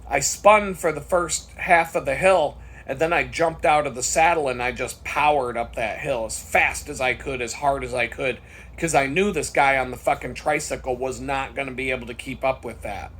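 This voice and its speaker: A man's voice: fairly high pitch, fairly bright tone. A man vlogger telling a story in a casual monologue, worked up and swearing freely.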